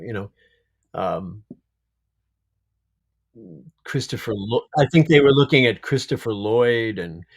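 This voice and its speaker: A man, an actor being interviewed, speaking in an unhurried, reflective way and laughing often over a video call. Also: on the low side. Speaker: actor guest. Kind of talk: casual interview chat.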